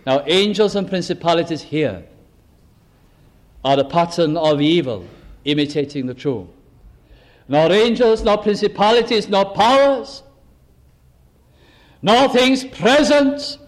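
A man preaching a sermon, working deliberately through rhetorical questions and drawn-out lists of words. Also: sits high, expressive.

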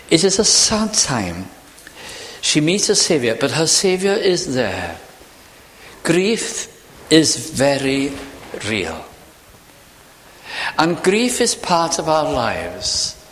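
Guy preaching a sermon in a church, voice goes up and down a lot, long echo. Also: a little high. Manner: expressive, varied delivery with slow emphatic pauses.

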